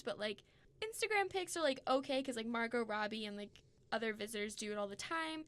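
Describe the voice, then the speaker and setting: A woman co-host with a slightly high voice, rambling through a casual chat. She pads her sentences with fillers and tosses in casual swearing. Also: fast. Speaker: podcast co-host.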